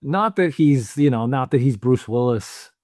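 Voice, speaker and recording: A man co-hosting a podcast, thinking aloud in an easygoing, musing way. His voice sits at an ordinary middle pitch. The sound is close and dry, with no room around it. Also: lively intonation, a little slow, a little mellow, no room sound. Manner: thoughtful, musing, many "you know" fillers. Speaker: podcast co-host. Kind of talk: casual film discussion.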